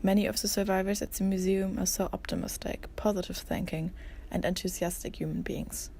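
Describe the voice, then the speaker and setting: A young woman narrating as a museum intern in a soft, earnest read. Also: mid-range voice, steady tone, fairly quick, vocal fry, a little hiss or hum. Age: young adult. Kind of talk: scripted narration.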